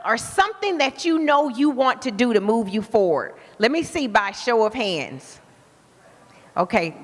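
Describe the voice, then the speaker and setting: A woman with an Alabama accent gives an unhurried motivational talk to a live audience, drawing people in with questions. Her voice sits a touch high and carries a long reverb from a large venue. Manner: warm, engaging, asks the crowd questions. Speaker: guest speaker. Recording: reverberant event hall.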